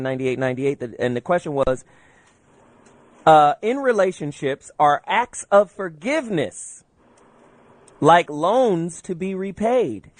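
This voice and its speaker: A man hosting a call-in radio show in a voice a touch higher than most men's, with a very dry, close sound. He talks casually and playfully, teasing his guests and urging listeners to phone in. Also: no echo. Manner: animated, playful, laughs often. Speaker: radio talk show host.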